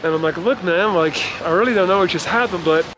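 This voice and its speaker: A man's voice: sits high, fast talker, fairly bright tone, echoey room, slight background noise. Long-winded man telling a story. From Belgium. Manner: long-winded, rambling, swearing. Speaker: vlogger. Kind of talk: casual storytelling vlog. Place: living room.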